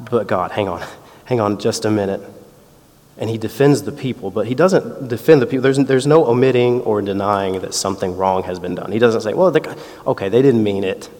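A man's voice: on the low side, a little mellow. A man in his thirties preaching a sermon in a conversational way, telling family stories and acting out quotes. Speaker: pastor. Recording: long reverb in a hall.

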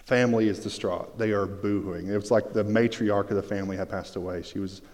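A pastor telling a personal story in a sermon, swinging between hushed and excited. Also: male voice, lowish voice, fairly quick. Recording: long reverb of a large hall.

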